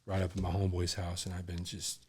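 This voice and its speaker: A man's voice: low voice, completely flat delivery, fast, mellow, husky. A man, a podcast guest, telling a candid personal story in a rambling, casual way full of fillers.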